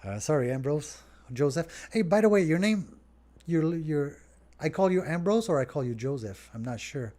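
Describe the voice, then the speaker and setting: A man's voice: a little high, moderate pace. A middle-aged French Canadian man from Montreal, talking casually and rambling a little as he answers viewer questions on his podcast. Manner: relaxed, rambling, talks straight to viewers. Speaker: restaurant owner hosting a Q&A.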